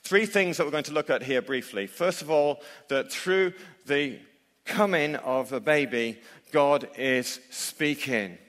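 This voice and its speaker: A man delivers an emphatic sermon, often turning to his listeners with rhetorical questions. His voice sits a little high for a man. The sound rings out with the long reverb of a large church hall. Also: unhurried, a bit bright. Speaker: preacher.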